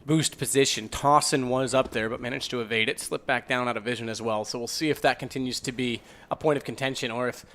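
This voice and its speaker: Fast-talking man commentating an esports match. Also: mid-range voice, fairly even intonation, fairly bright tone. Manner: playful, joking asides.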